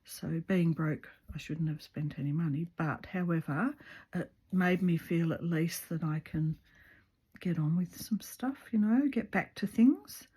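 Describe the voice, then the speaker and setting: A woman's voice: lowish voice, unhurried, warm tone, breathy edge. A woman chatting casually at home while she stitches, rambling along with lots of ums and restarts. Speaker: craft video maker. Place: her home.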